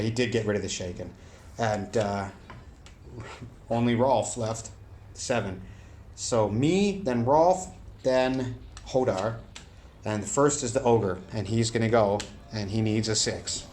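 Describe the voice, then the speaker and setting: A man narrating a solo tabletop game, rolling dice aloud and breaking into shouted play-by-play. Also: medium pitch, a little hiss or hum.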